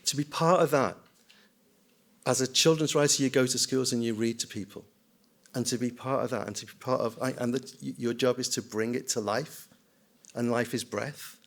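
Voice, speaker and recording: A man's voice: medium pitch, steady tone, normal speed. An older man, a screenwriter and children's writer, giving an anecdotal, self-deprecating conference talk and mimicking voices. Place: conference hall.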